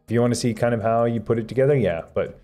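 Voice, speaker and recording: Streamer host, male, mellow and relaxed, stammering casual chat, soft music behind. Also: medium pitch, racing. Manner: relaxed, stammering restarts, reads chat aloud. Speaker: tech livestream host. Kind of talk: casual livestream chat answering viewers. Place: home office room.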